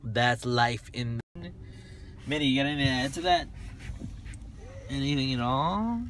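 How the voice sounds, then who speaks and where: A man chats live with viewers from inside a parked car, using a handheld phone. He rambles, jokes, and breaks into snatches of songs. His medium-pitched voice is fairly bright and unhurried, and there's a little hiss or hum.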